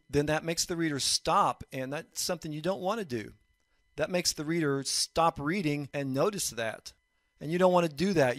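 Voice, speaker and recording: A man teaching a recorded lesson on writing fiction, explaining points in a measured way. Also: a little high, no room sound, clean studio sound. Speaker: college instructor.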